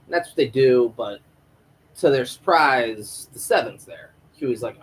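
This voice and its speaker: A man's voice: medium pitch, expressive, unhurried, slight background noise, low-quality recording. A man hosting a live stream review of a TV episode, ranting and rambling in a casual, profane way into a home microphone.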